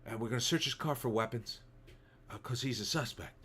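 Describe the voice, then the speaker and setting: A man putting on the voice of a middle-aged action-star cop, soft, mumbled and halting. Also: medium pitch, husky. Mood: mumbling.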